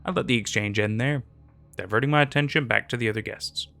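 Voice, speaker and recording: Guy narrating a creepy story, gravelly voice, soft music behind. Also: medium pitch, dry recording. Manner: measured, first-person storytelling. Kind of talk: scripted horror story narration. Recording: narration over faint music.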